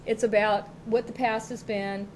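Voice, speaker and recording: A woman's voice: medium pitch, flat delivery, moderate pace, a little hiss or hum, low-quality recording. A middle-aged woman co-hosting a local TV talk show, telling rambling childhood stories in casual chat and often laughing. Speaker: co-host. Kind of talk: casual chat, personal storytelling. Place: local TV studio.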